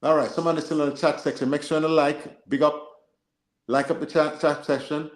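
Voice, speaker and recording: A man co-hosting a football live stream, reading and answering chat in an animated, joking way. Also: on the high side, fairly quick, reverberant. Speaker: livestream co-host.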